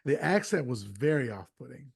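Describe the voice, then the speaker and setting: A man's voice: mid-range voice, very animated, creaky, husky, no room sound. Podcast host, man, mid voice, dry booth sound, chatty plot recapper. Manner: retells plot with quick acted quotes. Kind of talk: casual movie recap chat.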